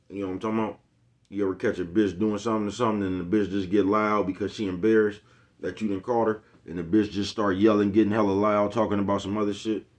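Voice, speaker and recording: A man ranting to camera in a rambling, profane way, full of slang and repetition, always checking if you get him. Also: fairly low pitch. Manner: rambling, profane, keeps asking "you know what I'm talking about"; streetwise slang, repeats himself. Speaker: vlogger. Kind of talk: unscripted rant to camera.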